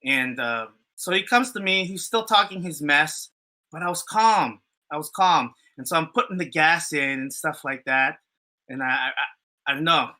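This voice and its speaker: A man chatting on a podcast, spinning a story in loose, rambling fashion. His voice is very bright, and he swears freely and leans on fillers and restarts. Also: high-pitched, animated, moderate pace. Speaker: podcast co-host. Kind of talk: casual storytelling chat.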